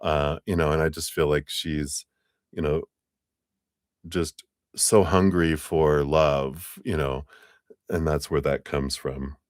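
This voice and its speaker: A man giving a live-stream tarot reading, chatty and easygoing, chuckling often and clearing his throat between remarks. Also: very deep voice, steady tone, takes it slowly, long pauses, dry recording, clean studio sound. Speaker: tarot reader.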